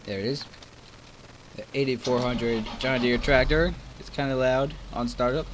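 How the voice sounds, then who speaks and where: A man's voice: mid-range voice, normal speed, background noise. Chatty man narrating his farming game. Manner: rambling, self-deprecating, chatty. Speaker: gaming channel host. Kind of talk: casual gameplay commentary. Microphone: desk microphone. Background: farm game engine sounds.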